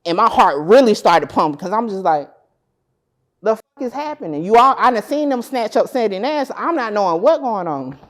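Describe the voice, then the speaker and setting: A woman's voice: mid-range voice, a little fast, few pauses. A woman guest on an interview show who covers court cases, telling a story casually and acting out what people said, swearing freely. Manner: animated, acts out dialogue, swears freely. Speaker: interview guest, court-case content creator.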